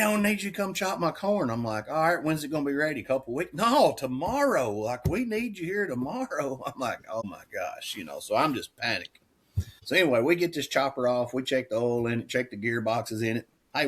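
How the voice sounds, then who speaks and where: A middle-aged man, a dairy farmer telling stories in casual chat, rambling and folksy. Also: fairly bright tone. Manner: folksy, rambling, acts out quoted dialogue with rising pitch. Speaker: dairy farmer and auctioneer, podcast guest.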